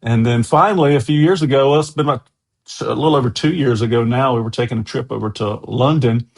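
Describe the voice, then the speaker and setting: A man's voice: medium pitch, fast, creaky. American male guest, mid-range voice, chatty anecdotal storyteller. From USA. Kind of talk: casual interview storytelling.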